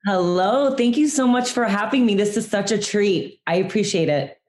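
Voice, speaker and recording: A woman guest on a video-call interview, telling her story in an earnest, reflective way that sometimes slows right down. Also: medium pitch, darkish tone. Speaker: guest mindset coach.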